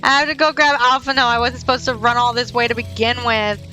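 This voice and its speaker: A woman streaming a video game, giggling, getting excited and croaking frog noises as she plays. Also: on the high side, quick pace, faint music behind. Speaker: gaming streamer. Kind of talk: casual gameplay commentary.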